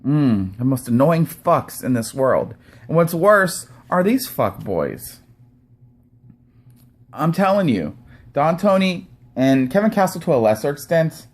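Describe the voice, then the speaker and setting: Brief: male vlogger, sarcastic profane rant, lively pitch swings. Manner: angry, sarcastic, profane, fast rants. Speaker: YouTube commentator.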